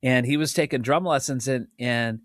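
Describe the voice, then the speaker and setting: Hiccups punctuate this casual podcast chat from a middle-aged man who also teaches drums. At a normal speed and medium pitch, he rambles, breaks off mid-thought, and laughs frequently, captured in a dry, clean studio recording.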